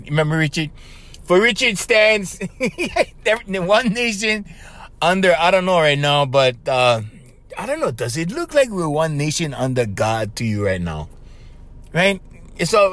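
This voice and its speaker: Hawaiian pidgin guy hosting his podcast, high bouncy voice, laughs a lot, says bro every other line, dry close sound. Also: fairly bright tone, no echo. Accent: Hawaiian Pidgin-influenced English. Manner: laughs often, repeats himself, says "bro" constantly. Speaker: podcast host. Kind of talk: casual podcast monologue.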